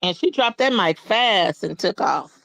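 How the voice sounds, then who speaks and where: A woman co-hosting a gossip livestream, telling stories fast with slang and laughter. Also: mid-range voice, lively intonation, vocal fry, fairly bright tone, low-quality recording. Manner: rapid storytelling with slang and laughter. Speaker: livestream co-host. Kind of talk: casual gossip livestream chat.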